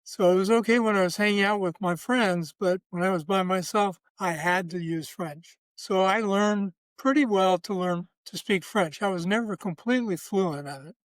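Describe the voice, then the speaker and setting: A man in his seventies, a guest telling relaxed personal anecdotes in a measured way. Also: high voice, no echo. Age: 70s. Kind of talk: casual storytelling.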